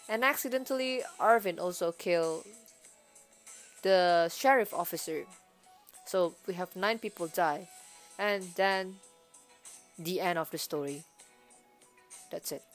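A woman's voice: mid-range voice, slow pace, long pauses, soft background music. A young woman giving a casual movie review, chatty and rambling, stringing her thoughts together as she goes. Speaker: film reviewer.

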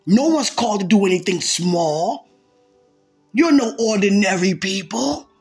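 A woman delivering an impassioned sermon. Her voice is very breathy and husky, and she keeps repeating lines and rising into shouts. Soft music plays faintly behind her. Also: mid-range voice, animated, a little slow. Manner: fervent, repetitive, bursts into shouting. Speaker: preacher.

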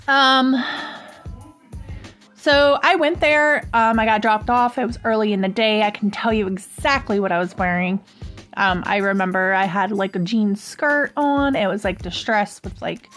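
A woman's voice: medium pitch, fairly bright tone. A woman hosting a podcast, telling a personal story in a casual, rambling way full of "um" and "like". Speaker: podcast host.

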